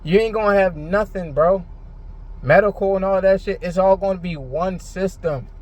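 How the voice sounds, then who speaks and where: A man's voice: high-pitched, normal speed, a little mellow, highs cut off. A frustrated man ranting in a rambling, heated monologue, full of filler words and swearing. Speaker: vlogger. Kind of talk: unscripted monologue to camera.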